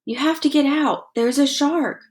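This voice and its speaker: A woman reading aloud, voicing a panicked boy who shouts and pleads urgently to warn his friends of a shark. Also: high voice, moderate pace, voice pushed up, natural voice. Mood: pleading.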